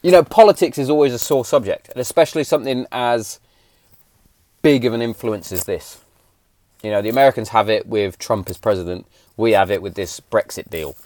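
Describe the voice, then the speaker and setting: A man's voice: mid-range voice, brisk, darkish tone, no echo. A man, hosting a casual podcast in a blunt, sweary, heated way. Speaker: podcast host.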